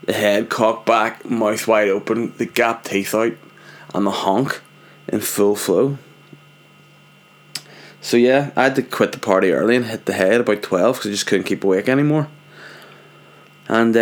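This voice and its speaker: A man's voice: fairly low pitch, normal speed. A man telling casual anecdotes in a rambling, sweary, self-mocking way. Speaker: vlogger, father.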